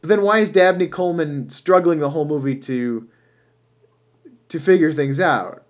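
Speaking at a normal speed in a voice on the high side, a man co-hosting a podcast talks casually about a film. He thinks out loud, musing, letting sentences trail off before restarting them.

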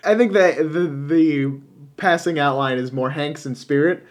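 A man's voice: a little high, measured pace. A man co-hosting a podcast, chatting casually about a film and thinking aloud as he goes. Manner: musing, trails off and restarts. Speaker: podcast co-host.

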